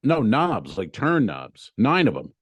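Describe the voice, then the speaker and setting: A man's voice: mid-range voice, a little slow, breathy edge, no echo. A man co-hosting a comedy podcast, telling a story in a casual, profane way and acting out his own exclamations. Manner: animated, profane, acts out exclamations. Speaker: podcast co-host.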